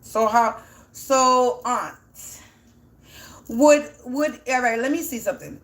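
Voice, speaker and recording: A woman with a high voice that sounds teary, as if she is close to crying. She gives a casual spiritual reading, thinking aloud in a rambling way as she poses questions and answers them herself. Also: slow pace, a bit bright. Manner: rambling, asks and answers her own questions. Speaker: spiritual energy reader.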